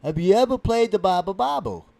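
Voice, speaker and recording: Male performer as a touchy guest with a speech impediment: high, swooping voice, garbled words. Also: very animated. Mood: impatient. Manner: garbled, mixed-up words, touchy and quick to take offense. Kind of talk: comedic character sketch.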